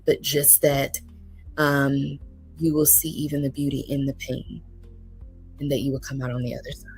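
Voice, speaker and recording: A woman's voice: sits low, slightly rough, rough recording. A woman therapist as a guest, speaking earnestly and encouragingly with frequent ums. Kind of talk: casual interview talk. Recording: faint music underneath.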